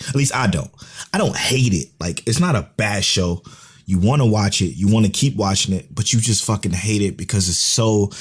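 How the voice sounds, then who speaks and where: Husky man gushing in casual chat. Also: fairly low pitch. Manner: emphatic, profane, rambling. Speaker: podcast co-host.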